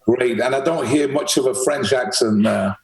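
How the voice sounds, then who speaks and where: Man, podcast host, upbeat and chatty, mid-pitched voice, casual video call. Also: moderate pace, over a noisy crowd, low-quality recording.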